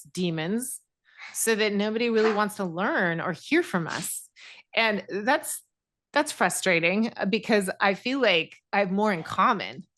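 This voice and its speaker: A woman's voice: medium pitch, fairly bright tone. A middle-aged woman co-hosting a podcast, talking casually about politics with many fillers and restarts. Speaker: podcast co-host.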